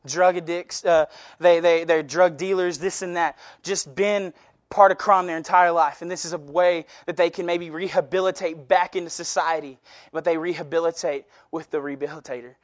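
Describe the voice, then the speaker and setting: A man's voice: on the high side, steady tone, normal speed, no echo, dull audio. A young man preaching to a youth group as their minister, impassioned and rambling, with self-deprecating asides. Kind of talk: youth sermon.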